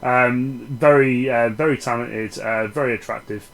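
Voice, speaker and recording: A man talking through a film review in a loose, unscripted way. He rambles, stumbles and restarts his sentences, and keeps it sarcastic with plenty of swearing. His voice sits at an everyday middle pitch. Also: fairly even intonation, a little slow, creaky, a bit bright, poor audio. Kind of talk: casual spoken film review.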